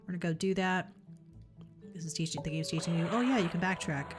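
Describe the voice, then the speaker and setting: A woman's voice: lowish voice, fast. A woman streaming a puzzle game, chatting casually and thinking aloud as she plays, with the odd offhand swear. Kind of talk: casual let's-play commentary. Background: faint game music.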